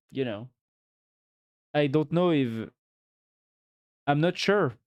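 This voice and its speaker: A man's voice: medium pitch, a little mellow. Young male streamer, casual live reaction chat, irreverent, talks to chat from a home desk mic. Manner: reads memes aloud and comments with laughs and swearing.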